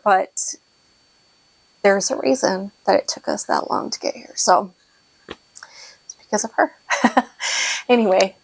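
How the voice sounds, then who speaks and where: A woman's voice: fairly low pitch, dry recording, rough recording. A woman hosting a knitting podcast, talking in a rambling, emotional way with lots of fillers. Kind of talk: casual vlog update.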